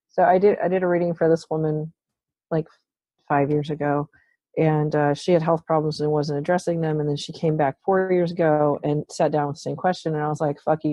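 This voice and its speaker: Blunt, low-voiced woman swearing freely. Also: warm tone, no echo. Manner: blunt, profane, forthright. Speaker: tarot reader, guest. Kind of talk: casual conversation.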